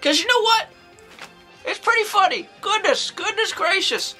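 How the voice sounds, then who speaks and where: A woman's voice: extremely high pitch, lively intonation, moderate pace, music in the background, poor audio. A woman playing an eccentric, creepy old nun who rambles through a folksy, exclamatory movie review as a comedy monologue. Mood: rambling. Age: older.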